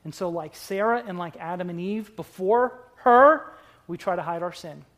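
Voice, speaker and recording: A preacher delivering a sermon to a congregation. The delivery is emphatic, with drawn-out words and sudden loud bursts, and it is broken up by playful asides. The voice sits at a middling pitch. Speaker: pastor.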